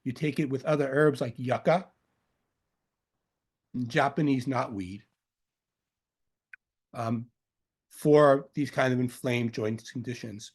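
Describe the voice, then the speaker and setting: Slow and often pausing, this man has a mid-range voice with a breathy edge and a faint Long Island accent, being from Long Island, New York. He gives a rambling, jokey informal lecture on medicinal herbs, full of fillers and self-corrections.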